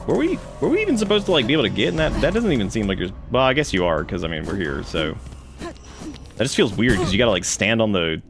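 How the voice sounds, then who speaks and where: A man's voice: lowish voice, lively intonation, fast. A man streaming a video game, cracking jokes and swearing casually as he plays. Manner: joking, profane, rambling. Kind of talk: casual gameplay commentary. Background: game music.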